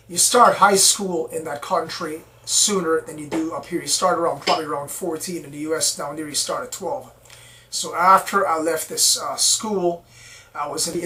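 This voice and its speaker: A man's voice: fairly high pitch, a bit bright, rough recording. A man earnestly recounting his own strange experiences in a rambling, repetitive way. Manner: rambling, repeats himself, earnest. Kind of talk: personal account, casual storytelling.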